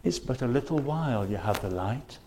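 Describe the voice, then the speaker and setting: A man's voice: medium pitch, expressive, brisk, a little mellow, a little hiss or hum. A man preaching a sermon in church, earnestly pressing his listeners with repeated questions and quoting scripture. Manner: earnest, urgent appeals, repeated rhetorical questions; quotes scripture in old-fashioned wording.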